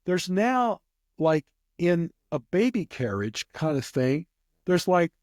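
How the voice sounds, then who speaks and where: A man's voice: fairly high pitch, very animated, slow, darkish tone, no echo. Guy rambling thru a story, lots of restarts, dry close sound. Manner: rambling, many restarts, acts out voices. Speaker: guest, craps player. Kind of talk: casual anecdote in an interview.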